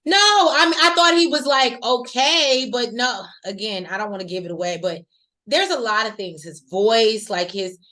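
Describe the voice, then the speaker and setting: A woman's voice: a little high, normal speed. Chatty woman recapping a reality show. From rural American South. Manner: chatty, animated, slangy asides. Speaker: podcast co-host. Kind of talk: casual recap chat.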